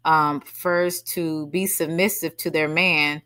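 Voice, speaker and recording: A woman hosting a livestream, chatting casually and reading out viewer comments in an animated, slangy way. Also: on the low side, takes it slowly, creaky, smooth. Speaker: livestream host.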